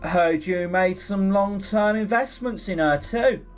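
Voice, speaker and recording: A man's voice: high-pitched, unhurried, soft background music, pitched above the performer's own voice. A man voicing a sly, chummy male rogue with a Cockney accent, drawling and wheedling.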